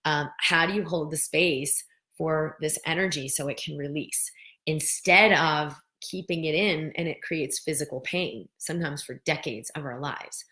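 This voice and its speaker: Low-voiced woman guiding a live wellness talk. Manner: gentle, guides listeners through breathing, acts out worried voices. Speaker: host of a live wellness stream. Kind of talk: live stream talk answering viewer comments.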